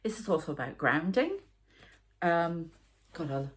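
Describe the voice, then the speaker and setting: Geordie woman, tarot reader, rambling chatty delivery, slightly low voice. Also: expressive, a little slow, long pauses. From North East England. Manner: rambling, chatty, with asides and sighs. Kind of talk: casual psychic reading monologue.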